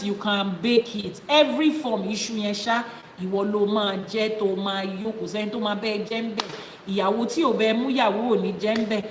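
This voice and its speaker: A Nigerian woman with a Yoruba accent, an Ifa priestess and teacher giving a live-streamed teaching and answering viewers' comments. She talks in a forthright, scolding way and switches between English and Yoruba. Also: medium pitch. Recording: roomy echo with long reverb, faint noise.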